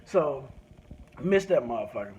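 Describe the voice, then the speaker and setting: With a mid-range voice and an unhurried delivery, a man from a rural country town rants profanely while driving. The vlog story is crude and animated with free swearing, heard through dull lo-fi audio with faint noise.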